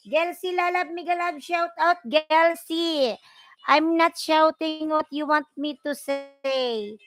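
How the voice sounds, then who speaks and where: A woman with a Filipino accent hosting a casual livestream, reading viewer comments and calling out loud shout-outs in English and Filipino. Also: high-pitched, fairly even intonation, takes it slowly. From Philippines. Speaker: livestream vlogger.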